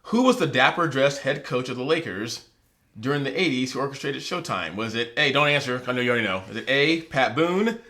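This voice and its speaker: A man's voice: medium pitch, a little fast. A man hosting a casual trivia game at home, reading questions and answer choices with a playful, jokey delivery. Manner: animated quizmaster with a lively, jokey delivery. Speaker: trivia host. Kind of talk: casual chat.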